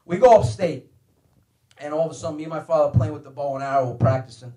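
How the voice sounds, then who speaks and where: A young man doing stand-up comedy, telling profane, animated stories about his family. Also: fairly high pitch, fast. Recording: echoey room with faint noise.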